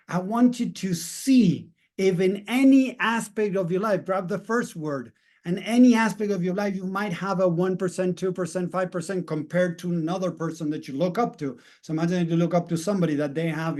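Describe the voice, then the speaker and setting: A man with a high-pitched, somewhat dark voice works as a mindset coach. His self-help talk to viewers is casual and rambling, and he keeps checking in with "right?" and "you know."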